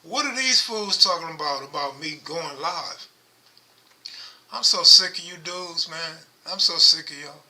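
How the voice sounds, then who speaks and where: A middle-aged man hosting a casual livestream, talking low and rambling close to his microphone. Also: measured pace, pushed and bright. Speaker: livestream host. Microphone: microphone held close.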